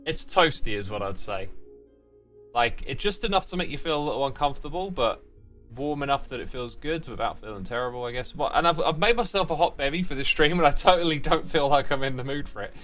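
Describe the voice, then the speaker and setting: Lively, bright-voiced man streaming. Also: medium pitch, fairly quick, soft background music. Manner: reads chat messages aloud and answers them while playing; playful, teasing fake sign-offs. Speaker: livestream host. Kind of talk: casual gaming livestream chat.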